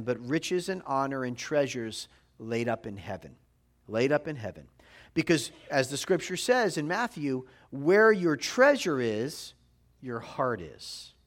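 A middle-aged male rabbi delivers a sermon in a chatty, direct way, checking in with his listeners again and again. His voice sits a little high for a man and swings widely in pitch as he stresses his points. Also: sing-song, measured pace, a bit bright. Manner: conversational preaching, frequent tag questions.

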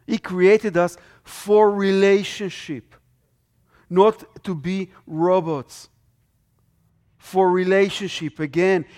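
A man preaching a sermon with strong emphasis, his voice swelling and dropping. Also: high-pitched.

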